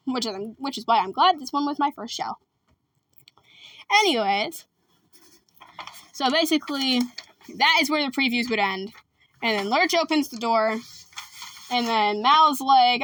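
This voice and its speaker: A woman chatting casually and quickly about her school musical, rambling and joking with lots of asides. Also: fairly high pitch, pushed and bright, no echo, far from the mic. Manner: fast, rambling, jokey with lots of "anyways". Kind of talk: casual chat.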